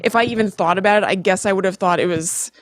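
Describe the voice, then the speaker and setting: A woman's voice: mid-range voice, quick pace, dry recording. Chatty woman podcast host, dry sound. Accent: light New York tinge. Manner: chatty, self-correcting, laughs at herself. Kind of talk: casual podcast chat.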